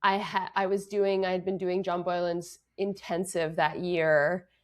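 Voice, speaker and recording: A woman's voice: fairly low pitch, level tone, a little slow. Canadian actress guest, young woman, thoughtful, earnest, filler-heavy. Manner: reflective, earnest, many fillers. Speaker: actress and dancer, interview guest. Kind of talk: conversational interview.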